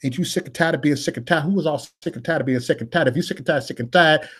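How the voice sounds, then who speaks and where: A man delivering a preachy, freewheeling monologue, repeating his phrases in a sermon-like cadence and mixing in casual slang, swinging from loud declarations to mumbled asides. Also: fairly high pitch, fast, breathy edge. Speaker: political vlogger. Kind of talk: preachy live-stream monologue.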